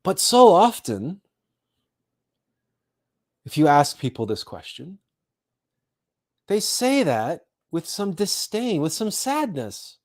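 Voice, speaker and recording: A man hosting a live spiritual talk, speaking slowly and meditatively with soft pauses and repeated phrases as he guides listeners through a visualization. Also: a little high, very animated.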